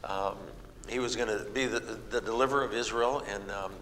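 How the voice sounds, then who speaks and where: At normal speed and on the low side, a middle-aged Midwestern man preaches, relying on folksy stories and animated impressions of the people in them. The recording has a hall's reverberation and faint noise.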